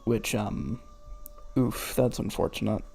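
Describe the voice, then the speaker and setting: Slow, creaky, and husky, with a darkish mid-range tone, a reader works through fan fiction over soft background music. Frequent sarcastic, swearing interruptions mock the writing, and the reader laughs at the text.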